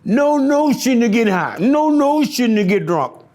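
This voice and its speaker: A man telling his own story in an interview, raw and profane, dropping to hushed near-whispers and then rising into animated storytelling. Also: very high voice, measured pace. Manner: profane and repetitive, restarting phrases. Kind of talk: confessional interview monologue.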